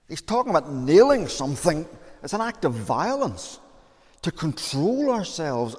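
In a church with long reverb, a man preaches as pastor in an earnest, conversational style full of fillers and repeated phrases. His voice sits on the high side with a darkish tone.

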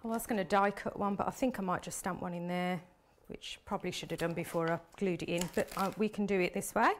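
A woman's voice: lowish voice, steady tone, fast, a little hiss or hum. A chatty woman leads a live card-making demonstration. She talks easily through each step while her hands keep working. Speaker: craft demonstrator.

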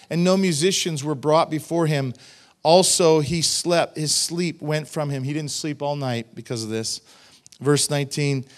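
A middle-aged man preaching to a congregation, his voice sitting a little on the high side. He reads scripture verse by verse and breaks off into emphatic, chatty asides to the people in front of him. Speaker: pastor. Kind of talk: expository sermon reading scripture with commentary. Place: church sanctuary.

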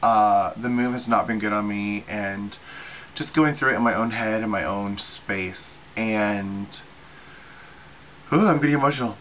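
A man's voice: fairly low pitch, fairly even intonation, measured pace, dull audio, a little hiss or hum. Chatty, swearing man in his thirties. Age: 30s. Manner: chatty, swears freely, many fillers and asides. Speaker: vlogger on a group channel. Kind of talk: casual weekly video chat.

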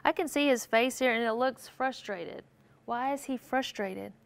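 Lively woman reading a storybook to kids. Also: on the high side, measured pace, vocal fry. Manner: animated, asks questions and answers for listeners. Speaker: teacher reading a picture book aloud. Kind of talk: storybook read-aloud lesson with questions to children.

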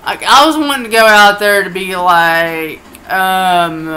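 A woman's voice: mid-range voice, moderate pace, hardly any pauses, sharp tone, poor audio. A sleepy woman chatting casually during a game, telling a rambling story full of swearing. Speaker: co-commentator. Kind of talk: casual chat.

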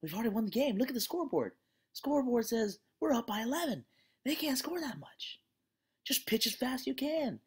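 A lecturer acting out an encouraging father who coaches youth baseball, giving a pep talk full of repeats, in a much higher voice than their own. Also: animated, fairly quick, husky. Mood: reassuring. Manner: pleading, repetitive pep talk.

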